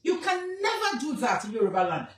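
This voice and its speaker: A woman's voice: sits high, very animated, a little fast, roomy sound, distant mic, a little hiss or hum, poor audio. A Nigerian woman from the southwest, a king's advisor, giving an emphatic, scolding statement and repeating phrases for weight. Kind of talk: emphatic personal statement to camera.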